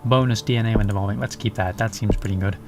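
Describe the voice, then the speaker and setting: Talking fast in a fairly low, steady voice, a young man from England rambles through his let's play at his countryside home. He's a gaming YouTuber who swears and mocks himself casually, with faint music behind him.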